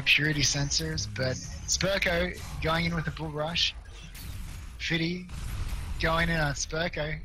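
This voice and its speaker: Hoarse, excitable male esports caster. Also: a little high, slight background noise, poor audio. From Australia or New Zealand. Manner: excitable, fast, rambling with fillers. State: voice going hoarse, tired. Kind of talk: play-by-play game commentary.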